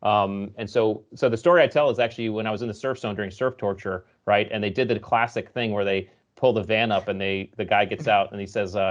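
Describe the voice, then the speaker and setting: A man being interviewed as a guest author, explaining ideas and telling stories in a lively conversational way. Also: lowish voice, fairly quick, hardly any pauses, muffled recording. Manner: storytelling, explanatory, animated when recounting.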